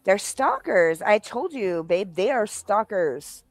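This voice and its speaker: A woman hosting a late-night livestream chat, ranting loudly, cursing and laughing as she talks. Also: medium pitch, big pitch swings, slow, no echo. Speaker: livestream host. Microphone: home streaming setup.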